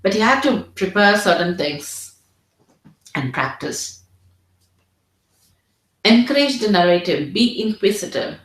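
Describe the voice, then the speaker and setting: A woman's voice: medium pitch, big pitch swings, a little slow, long pauses. A woman tutoring doctors in an earnest teaching presentation, often repeating her words as she models empathetic phrases. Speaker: medical exam tutor. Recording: roomy echo.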